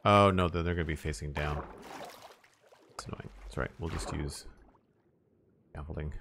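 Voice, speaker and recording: A man's voice: a bass voice, steady tone, normal speed, very noisy. A man streaming a survival game, thinking aloud and mumbling as he plays, trailing off with "uh" and reading chat now and then. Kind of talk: casual gameplay commentary.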